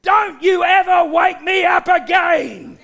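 A man voicing a stern male teacher who shouts commands at a storm. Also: extremely high pitch, lively intonation, slow pace, gravelly, some chatter behind, full character voice. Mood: commanding.

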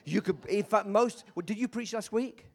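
A man preaching a sermon as a visiting preacher, impassioned, swinging between shouting and quiet storytelling, with joking asides. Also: sits high, moderate pace.

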